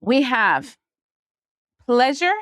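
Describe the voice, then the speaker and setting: A woman's voice: sing-song, extremely slow, a bit bright, no room sound, studio quality. Sassy chatty woman reading tarot. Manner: sassy, chatty, acts out voices with big pitch jumps. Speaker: tarot reader.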